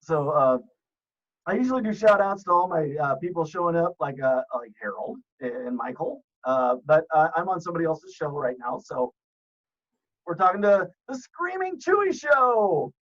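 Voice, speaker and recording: A man guesting on a podcast, telling profane stories in a deep, announcer-style voice. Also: normal speed, highs cut off. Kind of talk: casual podcast chat.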